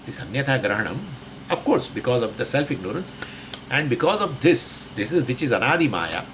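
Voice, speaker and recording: A man's voice: mid-range voice, big pitch swings, a little fast, noisy background. Man explaining Sanskrit scripture. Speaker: scripture teacher.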